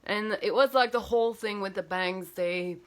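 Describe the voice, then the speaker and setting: A woman speaking straight to camera as she tells a personal story. She talks in an animated, emotional way, full of fillers and restarts, at a medium pitch. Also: normal speed. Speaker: healer and coach.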